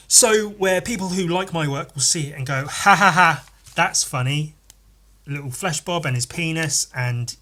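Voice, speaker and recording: A man hosting a podcast, chatting casually and rambling while he draws, swearing freely and muttering to himself. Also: mid-range voice. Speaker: podcast host and artist. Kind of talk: casual chat while drawing.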